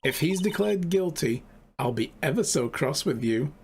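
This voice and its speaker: A man's voice: on the high side, expressive, moderate pace, slight background noise. A man doing a cooing, sugary young wife. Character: sweet-talking devoted young wife.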